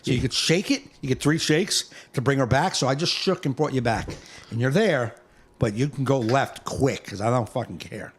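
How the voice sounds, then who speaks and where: A man hosting a comedy podcast, telling stories in a lively way, swearing freely and acting out the people in them. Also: mid-range voice, normal speed, a little hiss or hum. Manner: animated storytelling, swears freely, acts out voices. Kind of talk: casual podcast chat.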